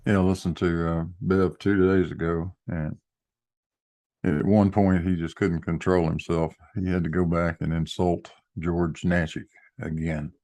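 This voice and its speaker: A man with a very low, deep voice talking in a casual online chat. He is blunt and heated and swears freely. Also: little pitch movement, measured pace, warm tone. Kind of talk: casual group chat on a live stream.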